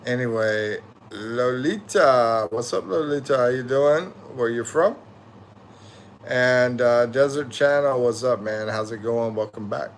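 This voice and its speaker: His mid-range voice moves at a measured pace, with a little hiss or hum in the background. A tired middle-aged American, he hosts a livestream and reads viewer comments, rambling, slangy, and prone to correcting himself.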